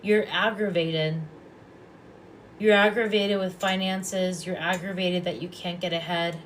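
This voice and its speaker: A woman giving intuitive readings on a live stream. She talks calmly and softly and often repeats her phrases. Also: lowish voice, unhurried, a little hiss or hum. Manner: calm, soft-spoken, repeats phrases. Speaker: psychic reader and past life regressionist.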